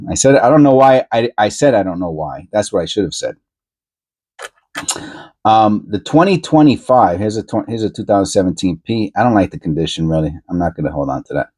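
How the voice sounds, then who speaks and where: Low-voiced man chatting casually while sorting coins. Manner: rambling, repeats and corrects himself, excited asides. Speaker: coin roll hunting channel host.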